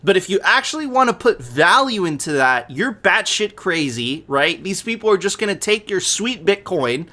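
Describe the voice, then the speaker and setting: Male stream host, higher voice, animated delivery, crude and jokey. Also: normal speed, few pauses. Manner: profane, laughing, animated ranting. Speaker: podcast host. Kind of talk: casual stream chat.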